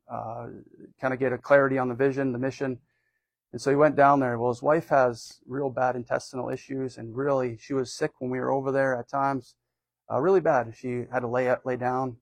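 An American preacher delivers an informal sermon in a loose, rambling style, full of fillers and restarts. His voice is medium-pitched and the recording is dry.

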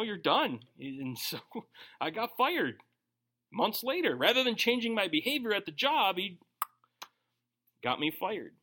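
A man's voice: high-pitched, bright, forceful tone. A man preaching a conversational sermon, joking and briefly acting out quoted voices as he teaches through a Bible passage. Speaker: pastor.

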